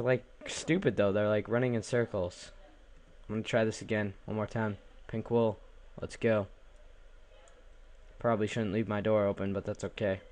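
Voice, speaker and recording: Young man, goofy let's-play commentary, low-ish voice, keyboard clicks nearby. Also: a little mellow. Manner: goofy, talks to the animals, repeats words in a silly chant. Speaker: gaming channel host.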